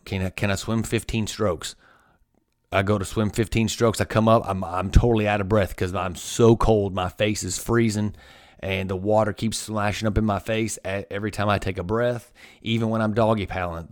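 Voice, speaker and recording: A man with a fairly low voice tells a personal story as a motivational podcast host. He speaks earnestly and with emphasis, often repeating himself to drive a point home. The sound is dry and close, with little room around it. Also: fairly even intonation, moderate pace, dry recording.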